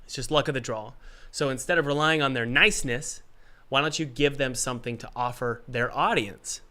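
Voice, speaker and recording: Bright-voiced man with a cold. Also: mid-range voice, a little fast. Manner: energetic, rambling, jokey. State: has a cold, coughing. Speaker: game developer hosting a live Q&A stream. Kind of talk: casual livestream advice.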